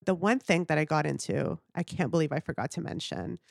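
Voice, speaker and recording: A podcast guest chats casually and recommends something with blunt enthusiasm. The voice is gravelly with fry and recorded dry and close. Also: mid-range voice, lively intonation, a little fast, dry recording, faint music behind. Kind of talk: casual chat.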